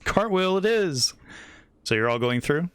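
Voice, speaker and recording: A man narrating a tabletop game as game master, setting scenes in a slow, measured way. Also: fairly high pitch, very animated, clean tone, no echo. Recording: home mic with faint background music.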